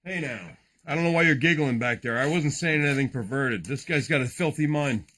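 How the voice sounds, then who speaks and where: A man's voice: medium pitch, brisk, fairly bright tone. A man hosting a late-night card break, joking, rambling and swearing as he opens packs. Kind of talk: casual livestream card break.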